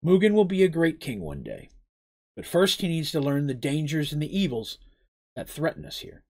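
A man's voice: fairly high pitch, big pitch swings, moderate pace, darkish tone. A man reading a letter as a proud, earnest gully king writing to old friends, in a storybook reading. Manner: earnest, letter read in a plain voice.

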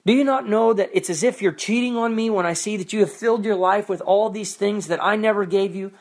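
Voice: medium pitch, fairly quick, darkish tone, natural voice. A preacher voicing God as a jealous husband who asks hurt, reproachful questions. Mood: pleading.

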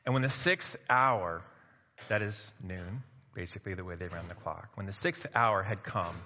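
A man preaching a sermon in a conversational way, breaking into loud emphatic bursts. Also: low voice, normal speed. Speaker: pastor. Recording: muffled sound in a reverberant hall.

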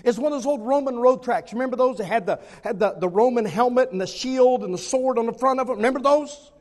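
A man preaching a sermon and telling a personal story in an animated way, repeating phrases for emphasis. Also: very high voice, fast talker, in a large hall.

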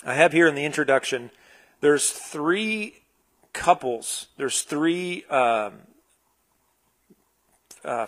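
A man preaching a conversational sermon, relaxed and searching, with frequent fillers and restarts. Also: medium pitch. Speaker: pastor.

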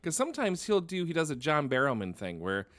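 A man's voice: fairly high pitch, wildly swooping pitch, fairly quick, a bit bright, dry recording, clean studio sound. Laid-back man swearing in casual chat. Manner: loose, swears freely, rambling. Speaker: podcast co-host.

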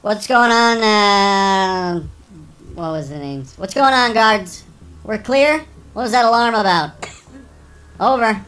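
A man's voice: high voice, slow, pauses often, pushed and bright, voice pushed up, full character voice, low-quality recording. A man voicing an unfamiliar boss who barks short orders over a radio. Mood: demanding.

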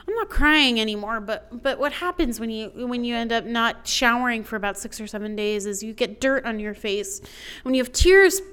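Female storyteller, slightly high and smooth voice, heartfelt personal story told live. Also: fairly bright tone. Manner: emotional, building lists of complaints. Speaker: storyteller on stage.

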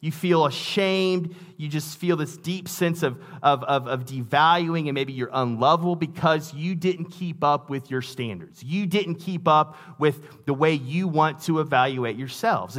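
A man's voice: fairly high pitch, a bit bright. A man preaching a sermon in a conversational way, with asides and restarts, reading scripture aloud with emphasis. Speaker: pastor.

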